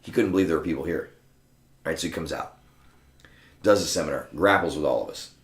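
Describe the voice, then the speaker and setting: A man's voice: rumbling low, fairly quick. A man guesting on a podcast, telling casual, profane stories and acting out what other people said. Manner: profane, animated, acts out other people's lines. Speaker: podcast guest, martial arts school owner. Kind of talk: casual anecdotal storytelling. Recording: roomy echo.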